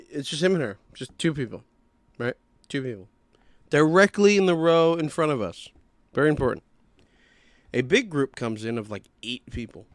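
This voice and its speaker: Young male podcast host, animated and profane storyteller, dry studio sound. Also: medium pitch, no echo. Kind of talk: casual storytelling.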